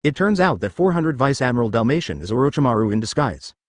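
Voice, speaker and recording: A man reading a fan story aloud as narrator, in an even, stiff delivery. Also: mid-range voice, quick pace, dry recording, studio quality.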